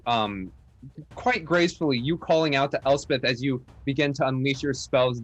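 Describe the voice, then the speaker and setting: Man narrating as dungeon master. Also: mid-range voice. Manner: relaxed narration with filler words. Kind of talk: narrating a tabletop game. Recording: faint music behind.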